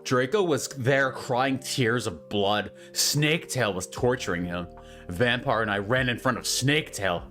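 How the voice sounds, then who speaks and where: A man hosting a comedic reading of fanfiction aloud, mock-serious and deadpan, with sarcastic asides. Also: medium pitch, a little slow, faint music behind.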